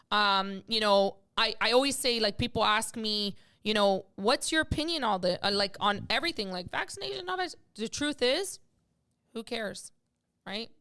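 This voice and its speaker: A middle-aged woman hosts a casual podcast chat, her voice on the high side, bright, smooth, and forceful. She talks emotionally and rambles, leaning heavily on filler words.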